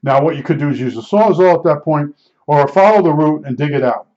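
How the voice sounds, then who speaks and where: A man with a somewhat high voice tells a casual anecdote, looping back and restarting his sentences as he goes. The recording sounds a little dull and lo-fi. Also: expressive, brisk, warm tone. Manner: rambling, with frequent restarts and fillers.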